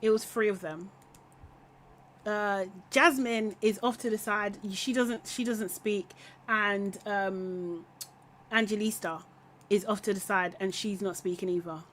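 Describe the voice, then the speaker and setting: A woman's voice: mid-range voice, unhurried, fairly bright tone, a little hiss or hum. A woman hosting a live recap podcast, chatting casually and bluntly with opinions, laughing often and trailing off mid-thought. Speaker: podcast host reacting to a reality show.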